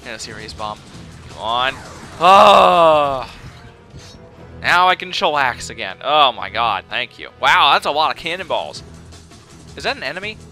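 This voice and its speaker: Excitable young gamer, bright lively voice. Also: male voice, medium pitch, moderate pace, faint music behind. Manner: excitable, exclaiming and panicking. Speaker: let's play gamer. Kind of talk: casual gameplay commentary.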